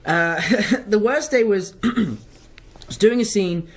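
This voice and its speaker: A man's voice: sits high, slow. A young man from London answers fan questions in an English accent, his voice sitting slightly above the usual male range. He talks loosely and cheerfully, wandering off track as he goes, in the easy manner of a casual live Q&A. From London, England. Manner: rambling, chatty, wanders off track.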